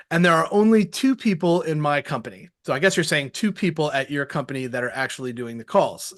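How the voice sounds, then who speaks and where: Male sales-show host, slightly high voice, lively and casual, acts out call dialogues. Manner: animated, acts out phone dialogues, casual slang. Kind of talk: energetic live-show coaching.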